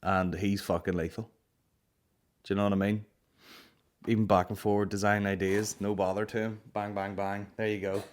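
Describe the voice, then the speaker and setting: A man's voice: on the low side, level tone, normal speed, pauses often. A young man with a Northern Irish accent, hosting a podcast in casual, rambling chat full of swearing and fillers. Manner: swears freely, rambling storytelling with frequent fillers. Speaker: podcast host.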